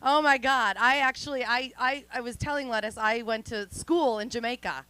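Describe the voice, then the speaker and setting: A woman in her forties doing a stand-up comedy set, chatty and self-mocking, with deadpan throwaway asides. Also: a little high, normal speed, clean tone, no echo, rough recording. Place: outdoor studio stage.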